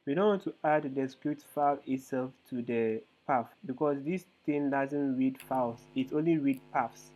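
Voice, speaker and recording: During a live online coding lesson, a male instructor walks through the code step by step at a moderate pace with few pauses, his medium-pitched voice slightly dark in tone. He's hesitant, with frequent fillers, and the sound is tinny, like a phone call.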